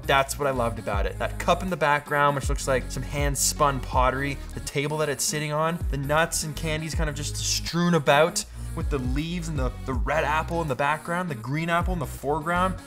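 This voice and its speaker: A man's voice: a little high, a bit bright. Upbeat joking Canadian man. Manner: upbeat, joking, goes off on tangents. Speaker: photo-editing YouTuber. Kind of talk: casual vlog talk.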